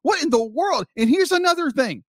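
Male co-host, high bouncy voice, animated ranter, dry close sound. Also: a little fast, no room sound. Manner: animated ranting, acting out quoted lines. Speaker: podcast co-host. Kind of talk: casual movie review chat.

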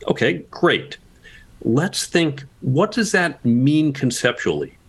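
A man's voice: mid-range voice, big pitch swings, takes it slowly, slightly rough. A man guest on a podcast interview, explaining communication tips and asking rhetorical questions as he goes.

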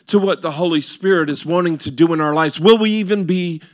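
A man's voice: on the high side, a little fast. A male pastor preaching a sermon, earnest and building with repeated rhetorical questions.

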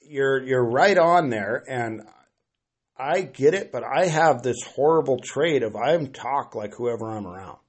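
A man's voice: mid-range voice, expressive, a little slow, breathy edge. Rambling self-deprecating man. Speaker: podcast guest. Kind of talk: casual podcast chat.

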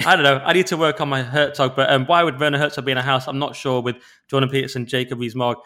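Man, podcast co-host, quick and joking, fast talker, bright voice. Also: mid-range voice, flat delivery. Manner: jokey, quick, laughs often. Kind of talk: casual chat.

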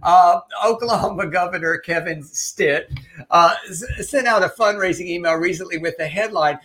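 High bright-voiced man, co-host. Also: moderate pace. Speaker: podcast co-host. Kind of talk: casual news chat.

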